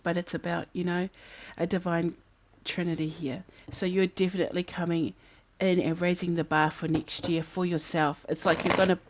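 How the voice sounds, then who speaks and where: This casual tarot reading comes from a New Zealand woman whose fairly low, level voice moves at normal speed with hardly any pauses. She chats, thinks aloud about the cards and sometimes sings snatches of song, with slight background noise and a fan humming.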